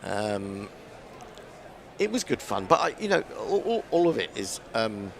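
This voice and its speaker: A man's voice: lowish voice, sing-song, unhurried, vocal fry, slight background noise. A man doing ball-by-ball cricket commentary, chatting and musing aloud as he calls the play.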